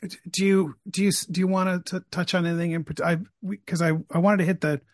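A man hosting an interview, chatting casually with many quick asides and restarts. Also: sits high, steady tone, dry recording, clean studio sound. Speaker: podcast host, interviewer.

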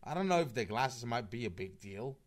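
A man's voice: medium pitch, lively intonation, a little fast. A man in casual online group chat, rambling with restarts and swearing, with a slightly slurred voice.

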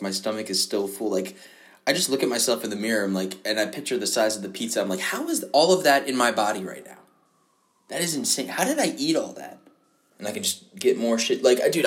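A young man hosting a rambling, profane comic monologue and laughing at his own jokes. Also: lowish voice. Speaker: show host.

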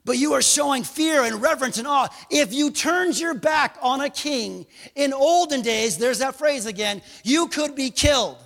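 A man preaching a sermon as pastor, animated, with joking asides and bursts of raised emphasis. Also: very high voice, moderate pace, vocal fry, few pauses, long reverb tail.

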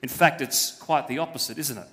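A man's voice: medium pitch, fairly quick, fairly bright tone. A man preaching a sermon as pastor, speaking emphatically and posing rhetorical questions to the congregation. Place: church. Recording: long hall reverb.

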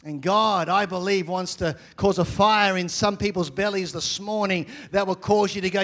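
High-voiced man preaching with energy. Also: moderate pace, hardly any pauses. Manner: energetic preaching with repeated phrases, swings from loud to quiet. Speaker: pastor. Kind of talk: sermon.

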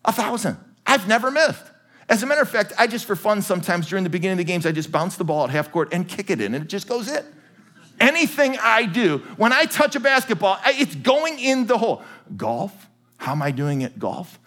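High-voiced animated male preacher. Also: fairly quick. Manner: animated, jokey preaching to a congregation. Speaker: pastor. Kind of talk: sermon. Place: large church with balcony.

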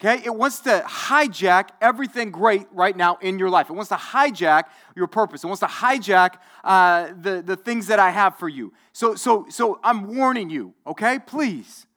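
A man's voice: sits high, animated, normal speed, few pauses, sharp tone. A man in his forties, a pastor giving a conversational sermon, often repeating himself and checking in with his listeners. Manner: conversational, repetitive, asks the audience.

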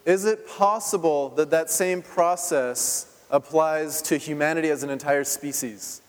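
A man's voice: a little high, unhurried. A man in his thirties preaching a conversational sermon, asking the congregation questions and laughing often. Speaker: pastor. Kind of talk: interactive sermon. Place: church sanctuary. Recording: long hall reverb.

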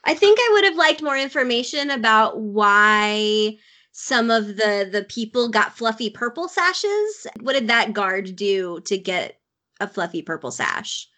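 A woman's voice: on the high side, big pitch swings, unhurried, sharp tone. A woman co-hosting a podcast in casual chat, with dry, wry humor. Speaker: podcast co-host.

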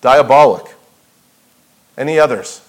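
A man's voice: mid-range voice, a little slow, poor audio. A man preaching a sermon as pastor, emphatic, asking rhetorical questions and repeating key phrases for weight. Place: church sanctuary.

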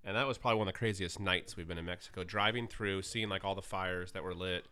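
A man's voice: sits low, fairly even intonation, fast, bright, forceful tone. Self-deprecating man telling anecdotes. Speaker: interview guest. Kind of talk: casual interview.

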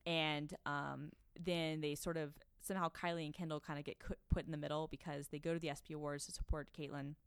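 A young woman with a low-pitched voice rattles along at a quick clip, co-hosting a casual podcast. She fills her chatty, gossipy retelling with likes and ums. The sound is dry and close. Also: level tone, smooth, dry recording. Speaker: podcast co-host. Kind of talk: casual chat.

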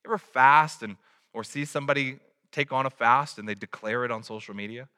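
A man's voice: mid-range voice, brisk, pushed and bright, clean tone, big-room sound. A man preaching a sermon in a conversational way, a father who acts out little quotes. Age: adult, has a child. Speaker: pastor.

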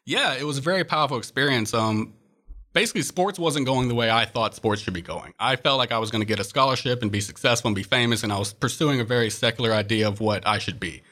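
A young man with a bright, forceful voice, speaking as a guest on an interview show. He tells his story earnestly and reflectively, with plenty of "uh"s along the way. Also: medium pitch, fast. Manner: earnest, reflective, frequent "uh" fillers. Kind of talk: personal testimony in interview.

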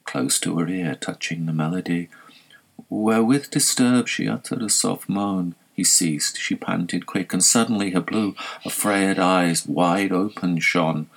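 Deep-voiced man reciting poetry slowly. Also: gravelly, poor audio. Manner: measured, solemn reading. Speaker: poetry reader.

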